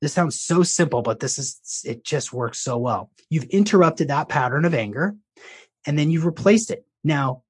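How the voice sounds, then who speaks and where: A man's voice: fairly high pitch, lively intonation, normal speed, husky. A man working as a coach, telling a client's story and explaining a technique in a conversational way, with frequent restarts and casual swearing. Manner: swears casually when quoting.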